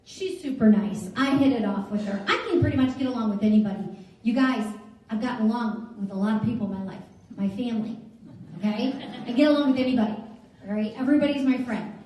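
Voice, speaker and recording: A woman's voice: a little high, fast, darkish tone. A middle-aged woman giving a chatty motivational talk to an audience, telling stories and asking the room questions. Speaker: jewelry stylist giving a talk. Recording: echoey hall, speaker far from mic.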